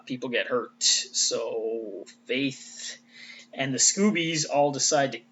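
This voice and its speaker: A man's voice: fairly high pitch, fairly bright tone, slight background noise. Chatty swearing man, muffled lo-fi sound. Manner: loose and chatty, swears freely, trails off and restarts. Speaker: fan commentator. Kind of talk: casual rambling recap.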